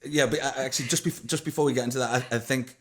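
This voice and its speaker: A man's voice: medium pitch, fairly even intonation, very fast. A middle-aged man hosting a podcast, chatting casually with frequent swearing and stumbling restarts. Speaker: podcast host. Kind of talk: casual chat.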